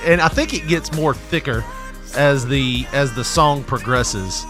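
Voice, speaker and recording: A man's voice: mid-range voice, unhurried, over music. A man with a Southern accent co-hosting a podcast in casual chat, laughing often and slipping into mocking voices. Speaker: podcast co-host.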